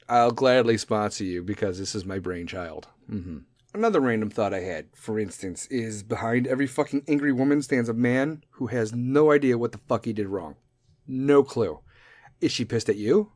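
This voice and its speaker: A man's voice: mid-range voice, no echo, studio quality. A man hosting a podcast, ranting jokingly in a profane, rambling way about random thoughts. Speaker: podcast host. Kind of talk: solo comedic podcast rant.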